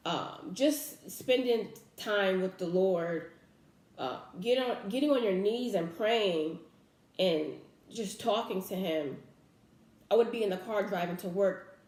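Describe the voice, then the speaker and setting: A woman's voice: mid-range voice, slow, a little mellow, echoey room. Earnest young woman telling a faith story. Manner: earnest, emotional, many fillers and restarts. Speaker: vlogger. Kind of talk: casual personal storytelling.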